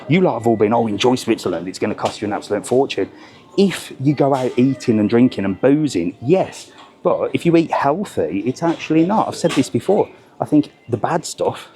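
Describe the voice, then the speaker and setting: A man's voice: fairly low pitch, warm tone. A middle-aged British man filming a casual travel vlog as he walks through airport shops, joking and exclaiming at the prices. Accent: British English. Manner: chatty, jokey, exclaims at prices. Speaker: travel vlogger. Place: indoors in a large airport shopping area.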